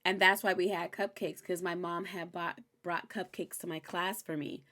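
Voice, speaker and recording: A young woman hosting a recap show, chatting casually and candidly, animated and swearing freely. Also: lowish voice, normal speed. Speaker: host recapping a TV episode. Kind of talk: casual chat.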